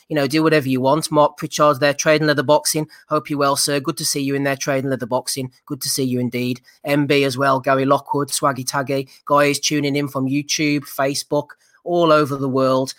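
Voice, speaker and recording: A man hosts a podcast, moving through housekeeping notes and greeting listeners in chat. He talks at a fast clip in a middle-pitched voice. The recording is dry, with no room sound. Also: fairly bright tone, no echo. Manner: brisk, reads out chat names. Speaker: podcast host. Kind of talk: casual chat and show announcements.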